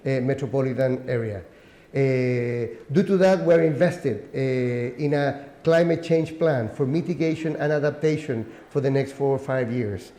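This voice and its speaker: Man, halting panel remarks, roomy echo on the voice. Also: medium pitch, mellow. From Chile. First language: Spanish. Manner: halting, frequent uhs. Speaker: regional governor, panelist.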